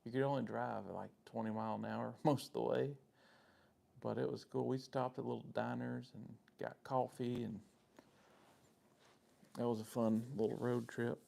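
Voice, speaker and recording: A man with a Southern US drawl hosts a loose live-stream chat, answering viewers' comments by name. His voice is low and mellow with a gravelly fry, and he rambles along in a friendly way. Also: little pitch movement, moderate pace. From Southern United States.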